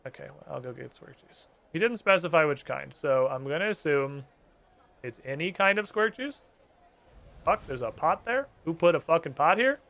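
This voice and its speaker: Man, gaming streamer, casual commentary, profane, slightly high bright voice. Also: animated, normal speed, creaky. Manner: swears often, reads game dialogue aloud.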